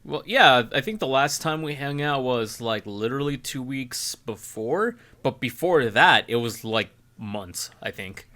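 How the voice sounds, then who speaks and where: A man's voice: mid-range voice, expressive, a little slow, hardly any pauses, sharp tone. A man chatting casually with friends, rambling through memories and laughing often. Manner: rambling, laughs often, hums song lines. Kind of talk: casual chat among friends.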